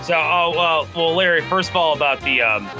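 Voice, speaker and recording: A man, a guest on a sports chat show, talking fast and excitedly as a diehard fan, often restarting his words. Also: fairly high pitch, over music. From Chicago suburbs.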